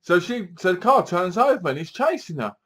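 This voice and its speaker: A man giving a casual, animated movie review, acting out lines from the film as he goes. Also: sits high, fairly quick.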